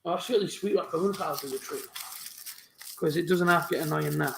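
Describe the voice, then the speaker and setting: A young man, chatting casually on a live football watch-along, talking fast with a stutter and some mumbling. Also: on the high side, gravelly, echoey room, a little hiss or hum. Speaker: football fan streamer hosting a live match watch-along. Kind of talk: casual live-stream chat.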